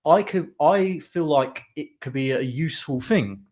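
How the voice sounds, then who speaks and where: A man's voice: fairly high pitch, a little slow, darkish tone. A man from the UK co-hosting a casual chat podcast, talking animatedly and mimicking pundits now and then. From United Kingdom. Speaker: podcast co-host.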